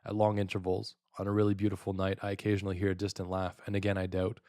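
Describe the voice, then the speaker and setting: Deep, flat-voiced man reading a brooding monologue. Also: rapid-fire, dry recording, clean studio sound. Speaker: audiobook narrator. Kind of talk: first-person literary monologue reading.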